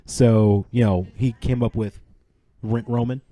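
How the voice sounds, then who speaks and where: A man chatting on a gaming podcast in an easy, joking way, spinning little stories. His voice sits at an ordinary middle pitch. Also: steady tone, unhurried, mellow, dry recording. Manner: joking, anecdotal. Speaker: podcast co-host. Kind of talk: casual podcast chat.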